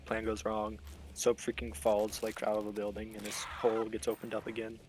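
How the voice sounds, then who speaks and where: A man's voice: fairly low pitch, completely flat delivery, normal speed, slight background noise. A young man casually recapping game lore, rambling and slangy with a joking edge. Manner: rambling, loose slangy storytelling with fillers. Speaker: host explaining game lore.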